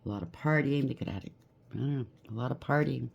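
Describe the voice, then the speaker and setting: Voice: mid-range voice, fast, gravelly, husky, highs cut off. A tarot reader giving a collective reading, blunt and emphatic, rattling off lists of traits and often checking in with "okay?".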